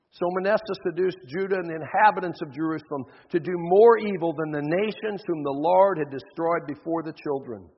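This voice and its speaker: Impassioned preacher in a reverberant hall. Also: male voice, high-pitched, husky. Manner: impassioned, acts out biblical figures. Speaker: pastor. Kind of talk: sermon. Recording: dull audio with long hall reverb.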